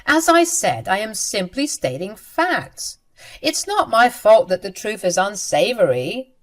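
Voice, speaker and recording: A woman's voice: mid-range voice, sing-song, unhurried. A woman voicing a spiteful, smug young sister-in-law in a dramatized story. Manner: smug, dismissive.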